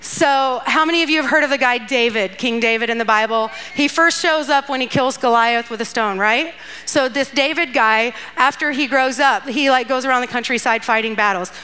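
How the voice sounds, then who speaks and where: A woman's voice: fairly high pitch, normal speed, sharp tone, smooth. A woman giving a casual, playful sermon, retelling a Bible story with asides and acted-out lines. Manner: chatty and playful, acting out characters with asides and laughs. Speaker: guest speaker at a church youth event.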